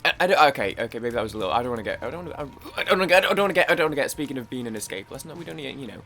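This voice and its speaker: A man's voice: medium pitch, lively intonation, racing, a bit bright, faint music behind. A man chatting casually while playing a video game, rambling, restarting his sentences and swearing now and then. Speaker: gaming YouTuber. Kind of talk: casual let's-play chat.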